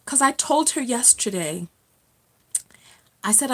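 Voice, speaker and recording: A woman's voice: fairly high pitch, moderate pace, fairly bright tone. A woman hosting a casual live stream from home, chatting with viewers, reading their comments aloud and laughing often.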